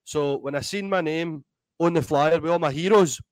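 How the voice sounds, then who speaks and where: A Scottish man in his thirties, a DJ and comedian telling animated, sweary stories in a casual interview. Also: on the high side, normal speed, dry recording, poor audio. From Scotland. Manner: animated, swears freely, acts out voices in anecdotes. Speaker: guest DJ and comedian.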